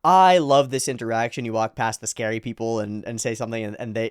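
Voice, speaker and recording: A man's voice: medium pitch, quick pace, few pauses, clean tone, dry recording, clean studio sound. A man giving casual, enthusiastic anime reaction commentary, chuckling often as he talks.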